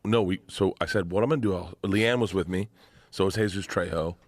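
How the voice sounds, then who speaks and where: A comedian rattles off a rambling, swear-filled story at a quick clip. His voice sits low. The recording is close and dry, from a podcast clip. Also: dry recording. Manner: rambling, animated anecdote, swears freely. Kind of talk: comic storytelling.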